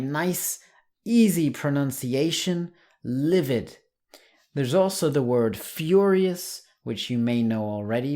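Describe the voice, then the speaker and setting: A man teaching an English lesson online, saying example words slowly and clearly. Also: mid-range voice, darkish tone.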